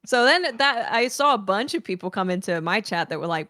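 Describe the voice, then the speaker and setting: Upbeat woman co-host, lively pitch. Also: brisk, hardly any pauses, dry recording. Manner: upbeat, playful storytelling. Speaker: podcast co-host. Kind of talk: casual podcast chat.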